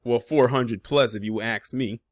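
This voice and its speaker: A man's voice: medium pitch, fairly even intonation, a little slow, no echo, studio quality. A man hosting a reaction commentary video, talking casually and pointedly, with sarcastic asides and frequent fillers.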